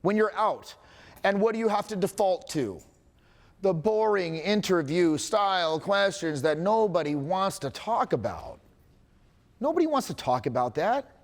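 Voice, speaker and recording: Man, coaching talk to a live audience, profane joking asides, lively swooping voice, long hall reverb. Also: high voice, unhurried. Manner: candid, profane, joking asides, acts out quotes. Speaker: dating and confidence coach.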